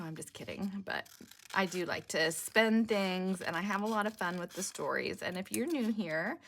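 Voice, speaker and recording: A woman's voice: medium pitch, a bit bright. A woman with a sore, cracking throat, chatting and thinking aloud in a rambling way as she explains a crafting project. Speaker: junk journal crafter on a design team. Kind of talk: casual crafting tutorial.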